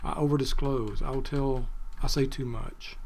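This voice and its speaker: A man's voice: mid-range voice, fairly even intonation, normal speed, a little mellow, a little hiss or hum. A man giving rambling, chatty commentary while playing a video game, thinking aloud and drifting off topic. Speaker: gaming video creator. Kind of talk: rambling let's-play commentary.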